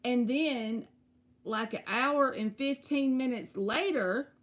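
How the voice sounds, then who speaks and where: A woman, giving tarot readings on a live stream and chatting to her viewers in an animated, storytelling way. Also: on the high side, slow. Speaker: tarot reader.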